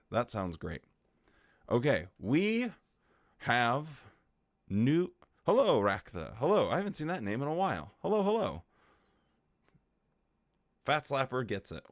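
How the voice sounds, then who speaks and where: A man's voice: lowish voice, dry recording, clean studio sound. A man hosting a casual livestream, playfully greeting viewers in chat. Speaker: livestream host. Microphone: desktop microphone.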